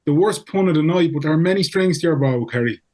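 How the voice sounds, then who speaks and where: A man's voice: fairly high pitch, fast, a little mellow, rough recording. Jokey male podcast host. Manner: jokey, loose, lots of "like". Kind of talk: casual podcast chat.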